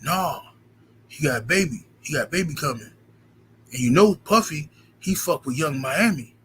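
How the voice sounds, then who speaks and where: A man acting out a gossipy male friend who chatters excitedly about celebrity news, close to his own voice. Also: a little high, moderate pace, a little hiss or hum, poor audio.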